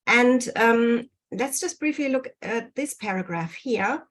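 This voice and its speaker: A woman presenting research in an online lecture over a video call, pausing often with ums and correcting herself. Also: fairly high pitch, animated. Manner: hesitant, many ums and self-corrections. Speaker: guest speaker presenting research.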